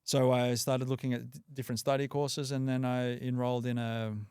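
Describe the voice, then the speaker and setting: A man's voice: medium pitch, brisk, clear, resonant tone, no echo, clean studio sound. A man from Australia, a podcast guest, chatting casually with lots of "like" and "you know". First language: English. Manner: relaxed, frequent "like" and "you know" fillers. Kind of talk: casual conversation.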